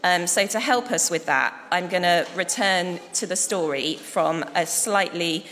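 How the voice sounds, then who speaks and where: Woman worship leader, gentle and measured, lowish and slow, in an echoey church hall. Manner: gentle, measured, with soft fillers. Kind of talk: leading prayer and storytelling. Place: church hall with tables and rows. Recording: echoey hall, faint noise.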